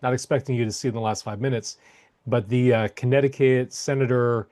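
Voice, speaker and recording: A man's voice: medium pitch, fairly even intonation, fairly quick, darkish tone. A man in a casual political chat talks in long, rambling stretches. He searches for his words and doubles back on himself. He is a co-host speaking with a middle-range voice.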